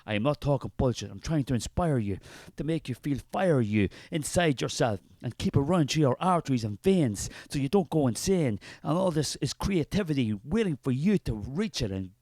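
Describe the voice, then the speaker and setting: A man's voice: medium pitch, animated, moderate pace, a little mellow, no echo. An Irish man playing a preachy, fervent male spirit of artistic creativity who rambles grandly in a comic character sketch.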